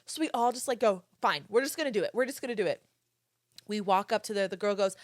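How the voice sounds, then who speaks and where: A young woman in her twenties hosting a podcast, telling a story in casual chat, animated and swearing freely while she acts out quotes. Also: fairly high pitch, brisk, no echo, clean studio sound. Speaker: podcast host.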